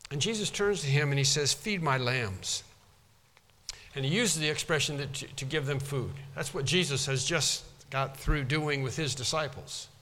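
A man preaching an expository sermon, earnest and halting, often repeating words for emphasis. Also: a little high, pushed and bright, big-room sound.

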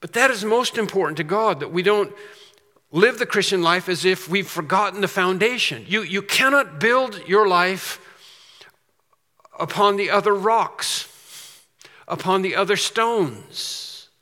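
A man's voice: high-pitched, expressive, unhurried, pushed and bright. A man preaching a sermon as pastor, emphatic, with rhetorical questions and repeated phrases. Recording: long reverb of a large hall.

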